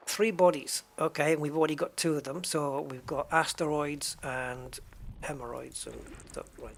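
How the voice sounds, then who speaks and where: A man in his fifties from the UK, speaking with a British accent. He rambles in a relaxed, joking way while streaming a space game, and his voice sits a touch higher than most men's. A faint hum runs underneath. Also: moderate pace, creaky. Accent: British English. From United Kingdom. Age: 50s. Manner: rambling, chatty, jokey asides. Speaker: gaming streamer. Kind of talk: casual chat while playing a space game.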